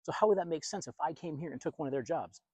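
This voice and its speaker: A man's voice: a little high, fast, warm tone, slightly rough, no echo. A man who works as a pastor and video host, from the United States, preaching in a blunt, emphatic and confrontational monologue.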